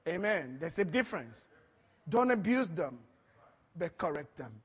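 A man preaching a sermon, telling stories with lively acted-out quotes and frequent laughter. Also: a little high, unhurried, slightly rough, big-room sound. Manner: animated storytelling, acts out quotes, laughs often. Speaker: pastor.

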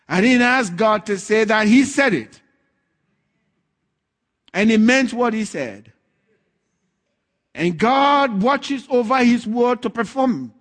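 High-pitched guy preaching a sermon, fired up, laughing between lines. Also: lively intonation, slow pace, long pauses. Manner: fervent, rising to loud declarations, chuckling asides.

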